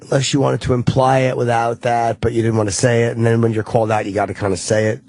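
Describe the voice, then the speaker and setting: A man co-hosting a talk radio show, reasoning out loud and speculating in casual banter. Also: mid-range voice, level tone, fast talker, no room sound.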